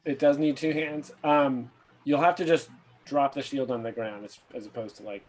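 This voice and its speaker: A man's voice: medium pitch, fairly even intonation, moderate pace, a little mellow. A man narrating a tabletop game as game master, hesitant and full of fillers.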